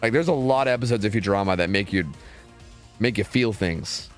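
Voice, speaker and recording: A man's voice: fairly low pitch, fairly quick, faint music behind. A man chatting casually with his stream viewers, rambling and swearing a lot, full of fillers. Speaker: streamer and game caster.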